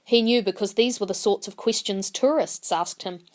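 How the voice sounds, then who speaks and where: A woman reading a short story aloud, voicing characters and speaking Māori phrases. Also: normal speed. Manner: voices characters with rising pitch and Māori phrases. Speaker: narrator.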